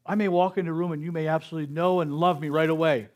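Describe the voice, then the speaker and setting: Male speaker, middle-aged, higher register, slow earnest sermon delivery. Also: fairly even intonation, darkish tone. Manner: slow, earnest preaching with acted-out quotes. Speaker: speaker at a spiritual center service.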